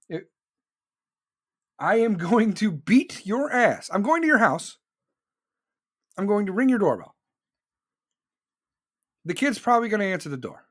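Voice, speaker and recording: A man's voice: sits high, a bit bright. A man hosting a podcast, ranting in a blunt, profane monologue and repeating lines for emphasis. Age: adult with children. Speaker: podcast host.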